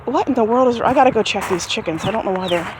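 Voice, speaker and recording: A woman's voice: quick pace, background noise. Chatty woman touring her backyard garden. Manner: chatty and rambling, talks to her chickens in a high sing-song. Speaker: gardening vlogger. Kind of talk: casual garden tour. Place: outdoors in a backyard garden near chickens. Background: birds and chickens clucking faintly.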